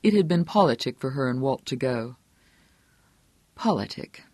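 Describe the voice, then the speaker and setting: A man reading a novel aloud as audiobook narrator, steady and measured. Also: medium pitch, dry recording. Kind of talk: scripted narration.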